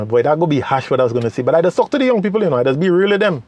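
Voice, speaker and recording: A man's voice: a little high, lively intonation, very fast, a little mellow. A man gives young people earnest, preachy advice in a casual monologue and repeats phrases for emphasis. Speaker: vlogger giving advice to youth.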